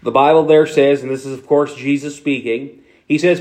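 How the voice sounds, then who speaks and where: A man's voice: mid-range voice, fairly even intonation, normal speed, darkish tone. A man with a Philadelphia accent preaching a sermon to his congregation, conversational, with many fillers and restarts. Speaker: pastor.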